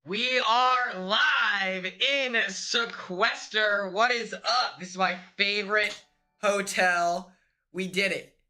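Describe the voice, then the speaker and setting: An excitable man streams from a hotel room, chatting loosely with his viewers in a bright, tense, cutting voice. He drawls slowly and unhurriedly, with faint music underneath. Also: sits high. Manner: excitable, swears, laughs often, shrieks when retelling. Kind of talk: casual live-stream chat.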